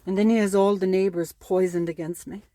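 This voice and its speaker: Upset woman with a warm, mellow voice. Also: mid-range voice, fairly even intonation, brisk, dry recording. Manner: upset, pleading, repetitive. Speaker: parent speaking out. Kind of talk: personal monologue to camera.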